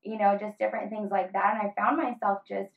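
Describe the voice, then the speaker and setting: A woman in her thirties talking earnestly about family and faith in a casual conversation, with many fillers and pauses. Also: mid-range voice, fairly even intonation, gravelly. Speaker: guest. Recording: slightly dull lo-fi audio.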